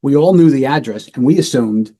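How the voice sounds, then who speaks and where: A man's voice: medium pitch, animated, fairly quick, mellow. A middle-aged man, a retired police lieutenant, telling a true-crime case in a casual, matter-of-fact way and acting out the voices of the people in it.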